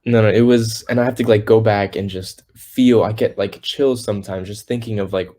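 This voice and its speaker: A teenage boy with a lowish voice talks through his story in loose, rambling chat. He leans on fillers and restarts, breaking into little voices when he quotes people. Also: steady tone, normal speed, mellow. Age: teens. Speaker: guest singer. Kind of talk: casual interview.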